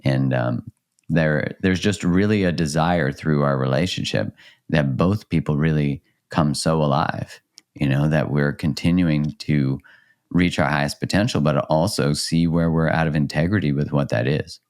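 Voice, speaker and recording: A man in his thirties speaks as a podcast guest and relationship coach. His voice is extremely deep, and his manner is reflective and earnest. He laughs easily in casual chat. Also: fairly even intonation, normal speed.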